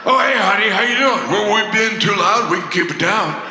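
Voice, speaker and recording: A booming, boastful ancient male warlord who shrinks into sheepish apologies around his wife, as a comedian puts him on. The voice has a gravelly edge and rings out loud in a reverberant hall. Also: expressive, moderate pace, exaggerated voice. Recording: echoey hall with distant pickup.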